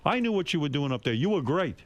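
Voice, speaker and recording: A man's voice: on the high side, big pitch swings, quick pace, no room sound. A man hosting a radio talk show, chatting casually and swearing freely with a comedian guest. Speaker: radio host. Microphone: studio radio mic.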